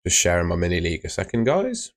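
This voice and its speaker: Streamer, deep voice, easygoing chat with lots of ums, reads out chat. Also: male voice, huge pitch swings, fast. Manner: chatty, reads out viewer comments with filler words. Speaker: host of a fantasy football live stream. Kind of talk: casual live-stream chat.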